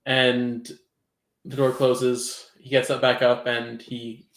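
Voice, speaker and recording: A man's voice: mid-range voice, slow. A man casually narrating scenes as the game master of a tabletop role-playing game. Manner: relaxed, casual narration with fillers. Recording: roomy echo.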